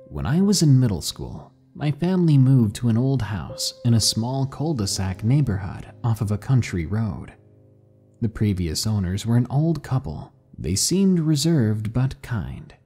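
A man narrates true ghost stories for a podcast in a husky, mellow voice. His pitch rises and falls in a lively way as he builds suspense with measured pauses. Faint music runs beneath his reading.

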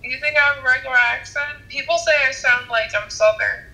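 A woman's voice: sits high, fairly quick, sharp tone, rough recording. A young woman from Boston on a casual video chat, blunt and sassy. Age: young adult. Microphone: phone video call.

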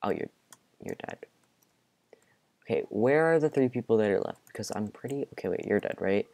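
A man's voice: on the low side, animated, fairly quick, creaky, a little mellow, no room sound. Jumpy young-sounding gaming commentator, man. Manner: jumpy, panicky outbursts between muttering; drops to a near-whisper at times. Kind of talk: live gameplay commentary.

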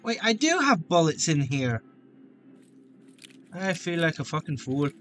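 A man's voice: on the high side, very animated, unhurried, a bit bright, slight background noise. A man giving joking let's-play commentary, full of crude banter. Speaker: gaming video host.

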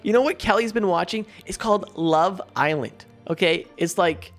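A man hosting a multiplayer game video, chatting casually and excitably with his friends. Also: sits high, moderate pace, faint music behind. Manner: excitable, chatty, frequent laughs. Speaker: gaming channel host. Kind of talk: casual gameplay chat.

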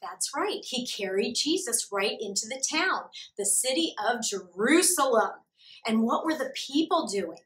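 A woman teaching a church preschool lesson, asking small children slow, encouraging questions. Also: fairly high pitch, lively intonation, a bit bright. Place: church room. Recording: echoey room, mic far off.

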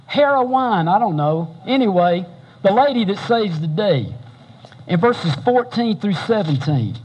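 A man preaching a sermon as pastor, telling the story in a folksy, animated way and bantering with the congregation. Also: high-pitched, unhurried, slightly rough, low-quality recording.

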